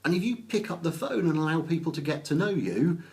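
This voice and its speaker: A man from Oxfordshire with an English accent, chatting casually on a live stream, greeting viewers by name and pausing often with ums. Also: on the high side, lively intonation, a little mellow. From England. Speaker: business networking author.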